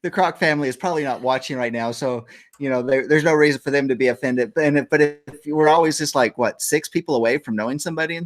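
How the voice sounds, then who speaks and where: A man's voice: medium pitch, quick pace. A man hosting a casual morning talk show, reading trivia in a rambling, joking way and laughing often.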